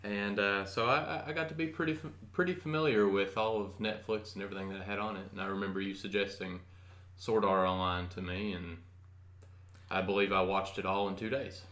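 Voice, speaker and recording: A man's voice: fairly low pitch, steady tone, a little fast, fairly bright tone, roomy sound. A young man in his twenties co-hosting a casual podcast, telling stories with dry joking asides. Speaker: podcast co-host. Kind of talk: casual chat.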